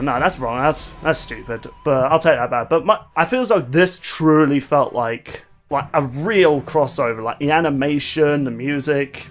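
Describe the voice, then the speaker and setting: Rambling man, lively pitch. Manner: rambling, self-correcting. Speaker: podcast co-host. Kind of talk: casual chat.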